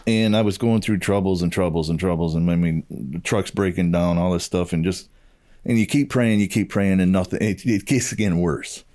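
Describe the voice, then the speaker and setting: Middle-aged guy telling his story on a podcast, low mellow voice, acts out the back and forth. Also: steady tone, moderate pace. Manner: storytelling, acts out quoted dialogue. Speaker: podcast co-host. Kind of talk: casual chat, personal testimony.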